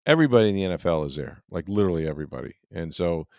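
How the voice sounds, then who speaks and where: A man's voice: deep voice, animated, very fast, a little mellow, dry recording, studio quality. A middle-aged man hosting a sports podcast, telling a rambling story in casual chat with lots of fillers.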